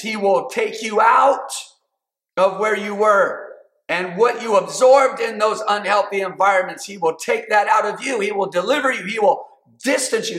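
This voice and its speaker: A man preaching a sermon, building to shouted calls and asking the congregation to respond. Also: high-pitched. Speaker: pastor. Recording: roomy echo.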